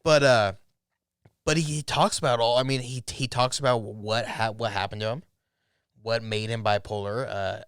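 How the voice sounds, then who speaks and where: Smooth-voiced man recapping a TV show. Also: mid-range voice, normal speed, dry recording, clean studio sound. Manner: rambling, animated retelling with quoted lines and swearing. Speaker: podcast co-host. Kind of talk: casual TV review chat.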